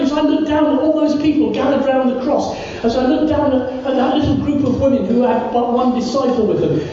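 A preacher giving a sermon who repeats words and phrases and slows down to stress key words. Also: high-pitched, dark tone, a little hiss or hum. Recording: very echoey, distant, dull church recording.

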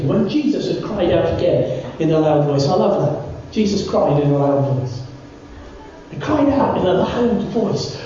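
A preacher giving a sermon who repeats words and phrases and slows down to stress key words. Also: medium pitch, warm tone, slight background noise. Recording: very echoey, distant, dull church recording.

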